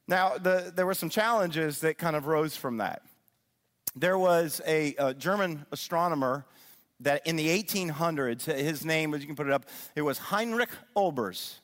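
A middle-aged man giving an animated sermon-style teaching, often checking in with his listeners. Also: a little high, normal speed. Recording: long reverb of a large hall.

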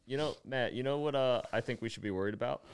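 A man's voice: mid-range voice, quick pace. A man co-hosting a casual podcast, teasing his friend and throwing in mock-announcer lines. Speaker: podcast co-host. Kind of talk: casual comedic podcast chat.

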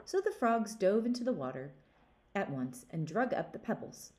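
A woman reading a fairy tale aloud to children in an expressive storytelling manner. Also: medium pitch, moderate pace.

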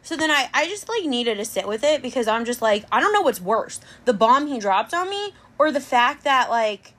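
A young woman hosting a podcast, telling a dating story in an animated, chatty way. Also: fairly high pitch, moderate pace. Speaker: podcast host. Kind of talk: casual chat.

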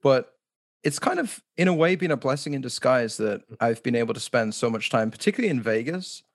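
A man's voice: mid-range voice, expressive, brisk, dry recording, clean studio sound. A man speaking as a podcast guest, telling a story in a casual, rambling way with lots of "like" and restarts.

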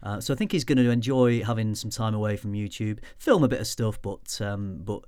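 A man's voice: lowish voice, a little fast, darkish tone, no room sound, studio quality. A man co-hosting a casual podcast, chatty and teasing in a friendly way. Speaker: podcast co-host. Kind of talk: casual chat.

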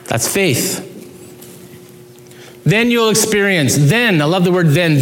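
A man's voice: high-pitched, expressive, a little slow, long pauses, roomy sound. A man preaching a sermon as pastor, earnest and emphatic, with sudden rises and drops in his voice.

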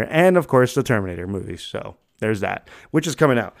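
A man's voice: mid-range voice, very animated, a little fast, creaky, hardly any pauses. A man hosting a podcast, telling stories in a loose, chatty way with lots of fillers and laughs. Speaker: podcast host. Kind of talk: casual chat.

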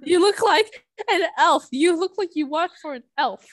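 A woman's voice: very high voice, lively intonation, moderate pace, no echo. A woman co-hosting a podcast who teases her friend and laughs often while gaming. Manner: teasing, laughs a lot. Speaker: podcast co-host. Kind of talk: casual gaming chat.

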